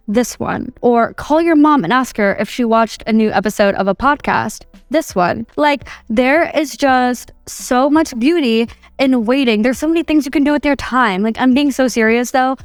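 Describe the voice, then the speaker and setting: A woman's voice: on the high side, no echo. A woman in her twenties hosting a solo podcast, chatty and casual, saying "like" all the time and acting out little quoted bits of herself. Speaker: podcast host.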